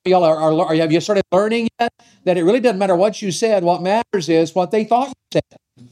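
A man's voice: high voice, normal speed, pauses often, warm tone. A middle-aged man preaching a sermon on marriage, folksy and often asking his audience questions. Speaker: pastor.

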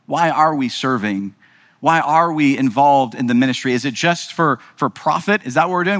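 With an animated, medium-pitched voice that's a bit bright, a pastor preaches at a moderate pace as a long reverb tail follows. He talks conversationally, asking rhetorical questions and frequently checking in with "right?"

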